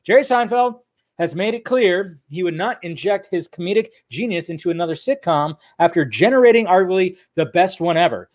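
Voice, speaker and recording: A man's voice: sits high, animated, fairly quick. A man hosting a casual movie news livestream, rambling loosely and laughing often as he swears. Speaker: movie news channel host.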